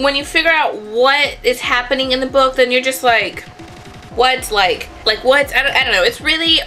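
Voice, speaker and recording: Bright-voiced chatty young woman vlogger. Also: fairly high pitch. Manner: chatty, rambling, self-correcting. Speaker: book vlogger. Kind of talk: casual chat to camera.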